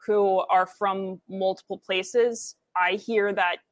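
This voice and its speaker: A woman from the US with a Midwestern American accent, explaining things in a measured way in a casual chat. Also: mid-range voice, steady tone, no echo. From US, grew up in DC, LA, Chicago.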